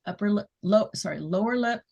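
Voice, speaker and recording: A woman leading a guided muscle relaxation exercise, giving gentle step-by-step instructions and counting down. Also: mid-range voice, gravelly, husky. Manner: slow, soothing instructions with soft laughs.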